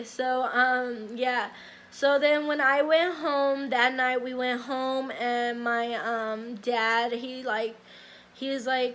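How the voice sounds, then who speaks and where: A young woman recounts a personal story to her viewers in a casual vlog. Her voice sits high, and she rambles along, filling her sentences with likes and ums. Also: steady tone, measured pace, pushed and bright. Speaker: vlogger.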